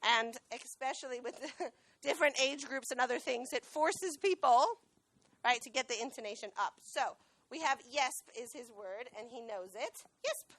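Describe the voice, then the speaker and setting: Bright-voiced woman teaching a class. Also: on the high side, moderate pace, no room sound. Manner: lively, questions the students often. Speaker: dog trainer and veterinary technician. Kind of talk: classroom talk with a live dog demo. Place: school classroom.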